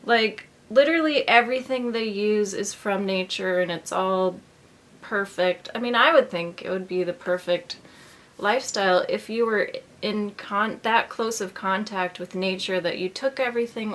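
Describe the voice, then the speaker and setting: A woman's voice: mid-range voice, moderate pace. A woman vlogger talking in a casual, rambling monologue full of "like".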